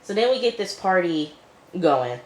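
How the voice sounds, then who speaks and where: Brief: deep-voiced woman reviewer, chatty offhand recap, echoey room. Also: big pitch swings, normal speed, darkish tone. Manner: chatty, loose retelling full of "like" and "you know". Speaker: TV episode reviewer. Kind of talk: casual episode recap.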